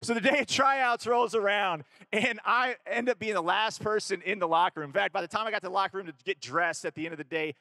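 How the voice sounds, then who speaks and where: A man's voice: sits high, fast talker, few pauses, no room sound. A man from Kentucky speaking to a youth audience, telling a personal story casually, with fillers and acted-out dialogue. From Kentucky, USA. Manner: animated storyteller who acts out dialogue; casual, with fillers and self-corrections.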